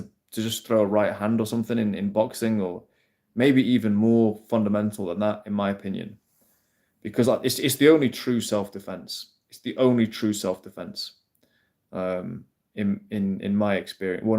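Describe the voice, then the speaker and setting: A man hosts a casual livestream with a somewhat low voice. He rambles loosely, swears freely and keeps turning to answer his chat's comments. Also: fairly even intonation, brisk, darkish tone. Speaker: livestream host.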